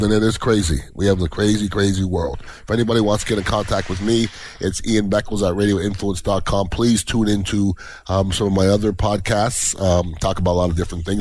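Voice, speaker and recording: Blunt low-voiced man ranting. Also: darkish tone, rough recording. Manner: blunt, ranting, rhetorical questions. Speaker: podcast host. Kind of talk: opinionated monologue.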